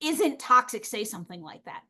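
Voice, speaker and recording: A woman chatting casually as a podcast guest, animated and outspoken, laughing often and acting out the people she quotes. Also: on the high side, moderate pace, breathy edge. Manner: animated, outspoken, playful swearing and put-on quoted voices.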